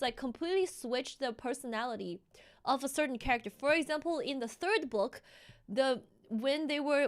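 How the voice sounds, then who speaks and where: A woman streamer talks in a high voice in a heated, animated live-stream rant. She keeps stumbling and restarting her sentences as she pushes her point.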